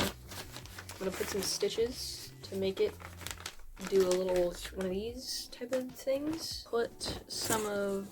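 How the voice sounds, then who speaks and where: A woman talks through her craft project in a loose, rambling vlog style, cursing now and then. She sounds a little out of breath, and her voice sits at an ordinary middle pitch. Soft music plays faintly behind her. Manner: rambling, self-deprecating, swears casually. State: often out of breath. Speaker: vlogger. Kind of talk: casual vlog chat. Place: at home crafting, later outdoors on a walk.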